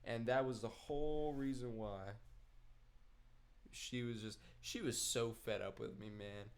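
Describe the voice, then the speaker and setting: A man's voice: medium pitch, steady tone, unhurried. Laid-back young man rambling casually. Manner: rambling, laid-back storytelling with slang and swearing. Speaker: gaming streamer. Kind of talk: casual chat while gaming.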